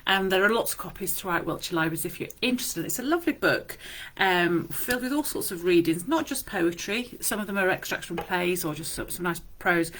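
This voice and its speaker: A woman, a librarian, chatting casually with frequent fillers in a library and reading poems aloud slowly and deliberately. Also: on the low side, expressive, a bit bright. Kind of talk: casual chat and poetry reading.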